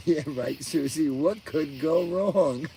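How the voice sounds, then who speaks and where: A man's voice: a little high, extremely slow, gravelly. Live-stream host, middle-aged man, casual and sleepy, yawning between chuckles, outdoor night mic with faint hiss. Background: crickets.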